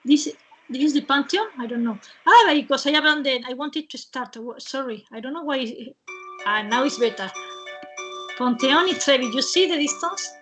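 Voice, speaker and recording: Woman, webinar host, fairly high voice, halting speech full of fillers, frequent laughs, video call sound. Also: expressive, a bit bright, soft background music. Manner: hesitant, with many fillers and halting restarts; laughs often between phrases. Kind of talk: casual online presentation.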